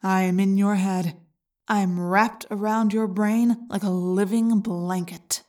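A woman voicing a gloating male alien parasite in an audiobook, slow and mocking. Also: medium pitch, fairly even intonation, dark tone, distant mic, lightly acted. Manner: slow, taunting, smug. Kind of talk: audiobook character reading.

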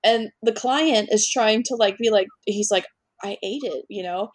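A woman co-hosting a podcast in casual chat, animated, swearing often and acting out scenes. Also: medium pitch, normal speed, no echo. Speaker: podcast co-host.

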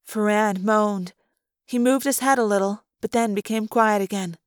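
Woman audiobook narrator, mid pitch, calm first-person storytelling, dry close sound. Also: moderate pace, no echo. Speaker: audiobook reader.

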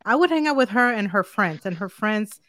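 A woman's voice: medium pitch, expressive, brisk, a bit bright, dry recording. A middle-aged woman, a podcast guest, chatting casually and laughing often about her grown daughter. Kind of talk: casual chat.

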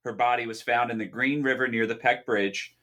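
A man co-hosting a podcast, chatting in a relaxed, dry, self-mocking way and introducing segments. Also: medium pitch, fairly quick. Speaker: podcast co-host. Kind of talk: casual chat and segment intro.

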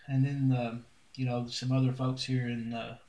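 A man hosting a casual podcast chat, relaxed and drawling with lots of fillers. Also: mid-range voice, normal speed, recorded from a distance. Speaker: podcast host. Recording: echoey room.

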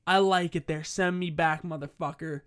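A man's voice: fairly high pitch, steady tone, normal speed, a bit bright, clear, resonant tone, lightly acted. A man voicing a pushy homeless man who keeps demanding chicken, insistent and repetitive. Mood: yelling.

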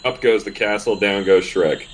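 A man playing in a tabletop game, gleefully pitching a joking over-the-top plan. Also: fairly even intonation, moderate pace, slight background noise, low-quality recording. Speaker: player.

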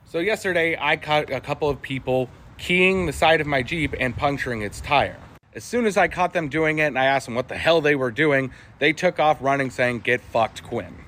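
A man's voice: mid-range voice, a bit bright, slight background noise. A man telling a casual, wry anecdote to camera, laughing here and there as he goes. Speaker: storyteller in a short video clip.

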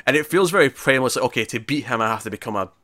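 A male podcast co-host reviews films in a relaxed chat, speaking quickly with eager energy in a bright, forceful, mid-range voice. The sound is close and dry, without room echo. Animated throughout, he belts out quoted lines in a shouted impression.

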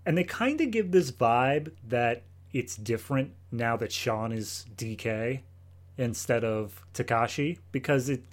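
Relaxed American male co-host, mid-pitched, casual review chat. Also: a little slow. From United States. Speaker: podcast co-host.

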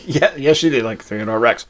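A man's voice: mid-range voice, normal speed, fairly bright tone. Man from Massachusetts, podcast co-host; casual, rambling delivery with restarts. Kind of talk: casual chat.

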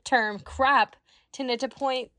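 A woman's voice: high-pitched, fairly even intonation, takes it slowly, bright, forceful tone, dry recording. A woman from Kansas co-hosting a podcast, casually reading word origins, swearing freely, giggling and stumbling over words. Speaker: podcast co-host. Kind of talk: casual chat, reading etymology notes.

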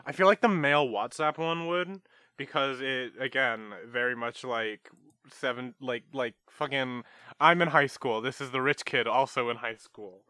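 A man's voice: medium pitch, normal speed, pushed and bright, no echo. A man co-hosting a podcast, talking in a hesitant, rambling, playfully defensive way in casual comedic chat. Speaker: podcast co-host.

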